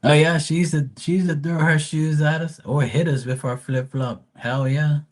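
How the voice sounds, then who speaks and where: A man's voice: fairly high pitch, fairly even intonation, moderate pace, darkish tone. A man hosting a live stream, telling rambling, profane family stories in casual chat.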